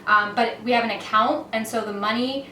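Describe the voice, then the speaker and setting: A woman chatting casually to her vlog camera in her home kitchen, rambling and often trailing off soft and quiet. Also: a little high, steady tone, fairly quick, slight background noise. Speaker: cleaning vlogger. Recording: echoey kitchen, mic at a distance.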